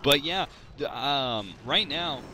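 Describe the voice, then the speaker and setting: A man's voice: mid-range voice, lively intonation, takes it slowly, bright, forceful tone, a little hiss or hum. Rambling male esports commentator. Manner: rambling, many fillers and restarts. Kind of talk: casual game commentary.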